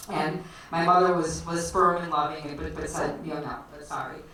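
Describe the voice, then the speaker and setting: A woman's voice: low voice, little pitch movement, fairly quick, a bit bright. A woman from the Chicago area telling a personal story on stage at a storytelling night, chatty and laughing often, with lots of fillers. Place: storytelling night at a bar venue. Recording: echoey live room, distant mic, faint noise.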